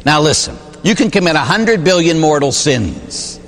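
A male Catholic priest preaching a sermon. He tells stories emphatically and jumps suddenly in pitch for effect. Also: expressive, normal speed, a bit bright, long reverb tail, faint music behind.

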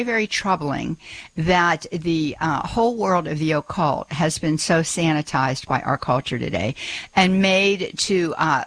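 A woman's voice: low-pitched, fairly bright tone, dry recording. A woman hosting a live call-in radio show, talking in a chatty way with frequent fillers into a studio microphone.

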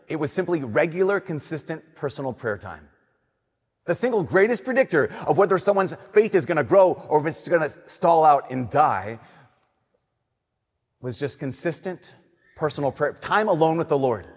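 A young adult man giving a sermon, telling animated stories and swinging between loud emphasis and soft, slow lines. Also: fairly high pitch, slightly rough. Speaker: Catholic priest. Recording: long reverb of a church.

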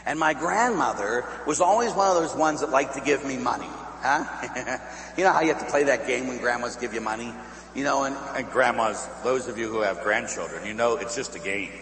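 A middle-aged Catholic priest from Pittsburgh, USA, tells stories in a sermon, laughing often and asking the crowd "huh?" as an animated storyteller. His mid-range voice moves fairly quickly, and the echoey hall carries a faint hum.

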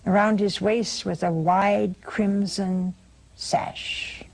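A woman retelling a saint's dream vision in slow, expressive storytelling, sinking soft and low for the hushed parts. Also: creaky. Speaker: religious storyteller.

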